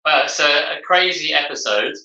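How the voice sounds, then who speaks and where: A man with a southern English accent chatting as a co-host, rambling and explaining at length. His voice is sharp and bright. He sits a way back from the mic, so the room rings around him. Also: on the high side, normal speed. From southern England. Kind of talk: casual chat on a live stream. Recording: roomy sound from a distance off the mic.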